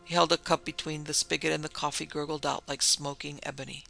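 Gravelly male storyteller, bright and grave. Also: on the high side, little pitch movement, a little fast, soft background music, poor audio. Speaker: narrator. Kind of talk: scripted story narration.

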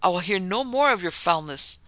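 A man reading as an indignant English gentleman. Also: sits high, animated, a little fast, dry recording. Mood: outraged. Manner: formal, indignant refusals. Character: upright English gentleman doctor, proud and indignant. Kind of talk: audiobook narration.

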